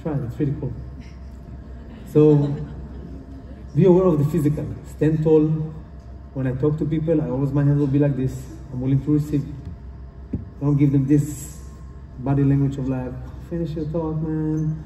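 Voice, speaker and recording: At normal speed and with fairly even intonation, a medium-pitched, mellow male voice delivers a motivational talk, pausing often. Slight background noise accompanies the distant recording in a roomy conference hall. His earnest manner includes repetition and non-native phrasing.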